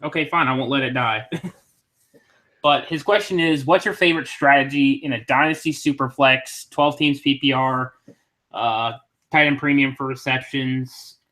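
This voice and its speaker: A man's voice: mid-range voice, steady tone, moderate pace, bright, forceful tone. A man co-hosting a casual fantasy football podcast, talking in a laid-back, blunt, profane way. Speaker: podcast co-host.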